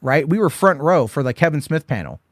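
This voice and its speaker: A man's voice: a little high, very animated, a little fast, dry recording, studio quality. A man hosting a casual late-night movie chat, rambling through stories with lots of swearing and acted-out quotes. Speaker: host.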